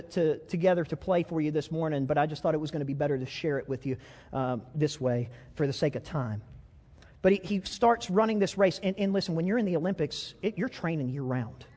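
Male pastor, high voice, fervent storytelling sermon, echoey church hall, stumbles and repeats words. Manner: impassioned storytelling, swings from loud to hushed. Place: church stage.

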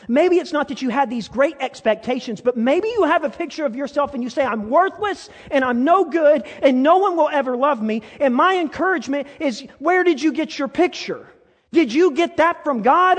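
A man preaches from the pulpit, his voice pitched high and earnest as he presses the congregation with question after question. His delivery swells into fervent appeals. The sound rings with the long reverb of a large church hall. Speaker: pastor. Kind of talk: sermon.

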